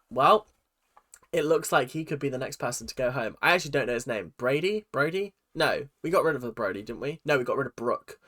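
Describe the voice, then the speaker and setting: Bright-voiced chatty male reaction host. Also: a little high. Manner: chatty, exaggerated, frequent mock voices. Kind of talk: casual reaction commentary.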